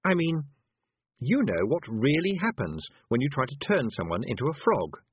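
A man voicing a clever young girl witch who speaks calmly with sweet sarcasm. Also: medium pitch, moderate pace, slightly rough, no room sound, phone-quality sound, pitched above the performer's own voice.

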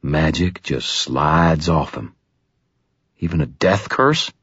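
A man doing a gruff old wizard mentor. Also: measured pace, no echo. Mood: bitter. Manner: gruff, bitter, low-key. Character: gruff older male wizard mentor, blunt. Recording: dull, dry studio sound.

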